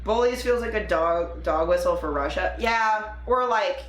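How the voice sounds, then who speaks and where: A woman's voice: mid-range voice, unhurried, reverberant, soft background music. A woman hosting a live political commentary stream, reacting angrily with sarcasm and swearing. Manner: angry, profane, sarcastic. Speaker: political livestream host.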